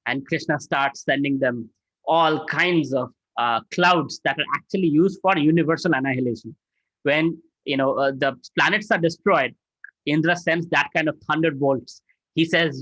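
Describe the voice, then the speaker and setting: A man telling scripture stories as a spiritual teacher, animated and dramatizing, often checking in with "right?". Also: on the high side, moderate pace, no room sound, highs cut off.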